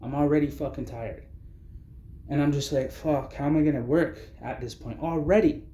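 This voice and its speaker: A man's voice: a little high, normal speed, dark tone, reverberant, lo-fi sound, a little hiss or hum. A man telling his own story of homelessness in blunt, agitated speech full of swearing. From Canada. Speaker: vlogger recounting homelessness. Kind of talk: angry personal testimony.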